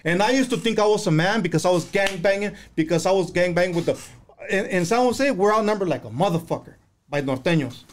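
Man, middle-aged, high voice, impassioned, profane, casual conversation. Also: lively intonation, fast talker.

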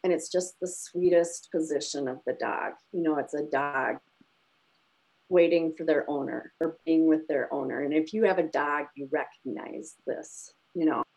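A woman's voice: low voice, normal speed, vocal fry, darkish tone, poor audio. A woman co-hosting a podcast, chatting casually and animatedly retelling a film plot with emotion. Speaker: podcast co-host. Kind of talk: casual chat.

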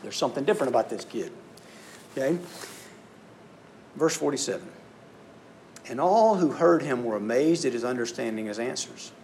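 Animated man giving a youth sermon. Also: medium pitch, moderate pace, pauses often, slight background noise. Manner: animated storytelling, acts out voices. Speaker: youth speaker.

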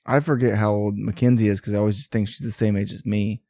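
A man's voice: lowish voice, steady tone, fast, warm tone, dry recording. Laid-back young man, dry close mic. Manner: profane, laughing, loose sports chatter. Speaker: podcast co-host. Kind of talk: casual podcast banter.

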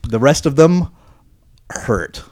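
A man's voice: medium pitch, big pitch swings, slow pace, darkish tone, no echo, clean studio sound. A man co-hosting a podcast, chatting casually and giving blunt joking opinions. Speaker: podcast co-host. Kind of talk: casual chat.

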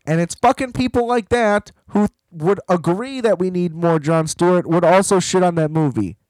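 A man hosting a podcast in casual chat, rambling and animated, swearing freely. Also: high-pitched, moderate pace, no echo, poor audio. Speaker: podcast host.

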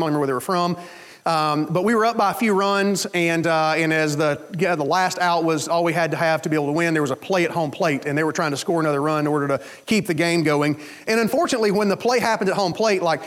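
A pastor preaches a sermon, telling stories with animation and acting out the voices of the people in them. His voice is fairly high.

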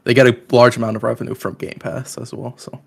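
A man's voice: mid-range voice, level tone, fast talker, gravelly. A man co-hosting a casual gaming podcast, easygoing and laid-back. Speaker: podcast co-host.

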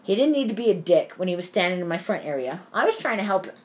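A woman's voice: lowish voice, sing-song, fast. A woman telling a long work story in casual chat, rambling and peppered with "like" and swearing. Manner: rambling, profane storytelling full of "like".

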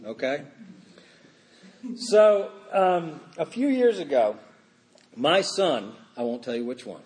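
A middle-aged man preaching a sermon in an informal, halting way, with many fillers and restarts. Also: fairly high pitch. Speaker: pastor.

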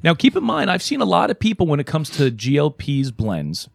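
A man's voice: a little high, very animated, a little fast, vocal fry, slightly rough, no echo, clean studio sound. A man co-hosting a podcast in casual, rambling, profane chat, sarcastic and loose. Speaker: podcast co-host.

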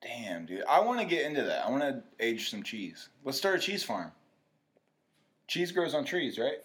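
A man with a very animated, swooping voice, bantering on a podcast. He is playful and laughs a lot, and his thoughts keep wandering off mid-sentence. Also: medium pitch, moderate pace. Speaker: podcast co-host. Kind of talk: casual chat.

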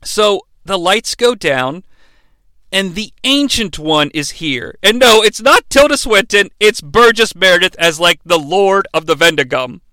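A man riffing sarcastically through a bad movie in a lively, profane comedic review. His voice is high and bright, and it swings a lot in pitch. It is recorded close in a dry space. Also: a little slow, no echo.

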